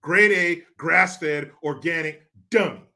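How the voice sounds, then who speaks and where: A man's voice: a little high, slow pace, gravelly, pushed and bright. A man hosting his own show, ranting through sarcastic, profane political commentary full of mockery. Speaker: show host.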